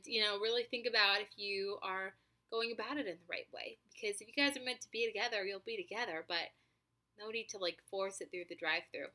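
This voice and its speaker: A woman in her twenties telling a story to camera in a chatty, animated way, swearing freely and filling her talk with likes and ums. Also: mid-range voice. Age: 20s. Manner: animated, profane, chatty with many fillers. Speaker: vlogger.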